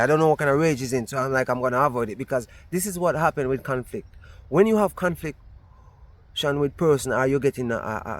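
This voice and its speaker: A Jamaican man recounting a story outdoors in a casual vlog, his voice sitting a little higher than most men's. He tells it animatedly and keeps doubling back on his words. He is recorded on a camera set on a tripod. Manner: animated retelling with repeated restarts. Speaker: vlogger.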